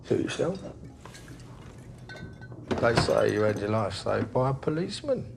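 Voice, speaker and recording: An actor playing a volatile, menacing gangster baker and distiller, with a gravelly, mocking voice that swings from loud to hushed. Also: male voice, mid-range voice, very animated, unhurried, background noise, full character voice. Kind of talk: television crime drama.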